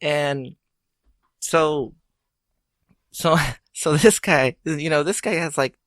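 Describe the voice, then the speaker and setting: A man's voice: slow pace, dry recording. A man co-hosting a podcast, telling a story in casual chat, swearing a lot and laughing through it. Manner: laughing, swearing, drops to a low hush for quoted lines. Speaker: podcast co-host.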